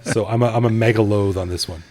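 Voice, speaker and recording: A man co-hosting a casual podcast, telling a joke in an animated way and voicing its characters. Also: fairly low pitch, quick pace. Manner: animated storyteller, switching voices for characters in a joke. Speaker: podcast co-host.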